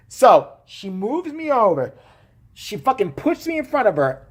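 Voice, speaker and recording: Profane, animated male storyteller. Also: high-pitched, a little slow, breathy edge. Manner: profane, blunt and joking; acts out quoted voices while telling. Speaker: vlogger. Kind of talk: casual storytelling.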